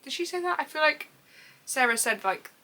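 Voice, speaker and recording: A young woman chatting in a reading vlog, gushing and giggling, rambling excitedly and swearing casually. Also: high voice, moderate pace. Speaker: book vlogger.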